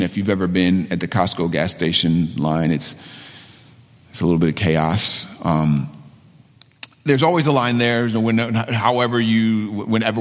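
A pastor in his forties giving a conversational sermon, telling a personal story candidly and repeating phrases for emphasis. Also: on the low side. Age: 40s. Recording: long reverb of a large hall.

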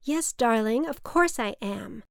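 A woman doing a raspy, theatrical old mother. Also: a little high, animated, a little slow, dry recording, clean studio sound. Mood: breezy. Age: older. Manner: grand, drawling, calls everyone darling. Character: dramatic older mother, theatrical smoker.

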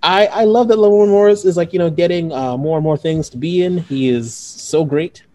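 A man's voice: a little high, normal speed, mellow. A man casually reviewing movies as a podcast co-host, rambling and laughing often.

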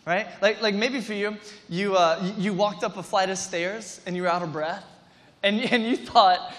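A male pastor with a high voice, preaching to a congregation in a large church hall. He talks energetically and rambles, with quick restarts and playful asides. His voice carries a long hall reverb. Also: fairly even intonation, fairly bright tone. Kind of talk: sermon.

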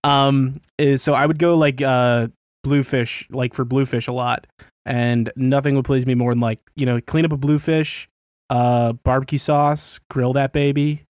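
A man's voice: medium pitch, fairly even intonation, unhurried, dry recording, clean studio sound. A man co-hosting a podcast in easygoing, rambling, profane casual chat. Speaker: podcast co-host.

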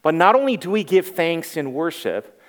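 A man's voice: on the high side, very animated, moderate pace. A man in his forties preaching a sermon as pastor, earnest and emphatic, repeating key phrases. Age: 40s. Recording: reverberant hall.

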